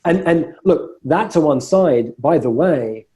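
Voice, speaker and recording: An emphatic male coach speaking on a call. His voice is very bright and edged, and he often stumbles over repeated words as he builds toward his point. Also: fairly high pitch, expressive, unhurried. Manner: emphatic, repeats words when starting phrases. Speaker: coach and host.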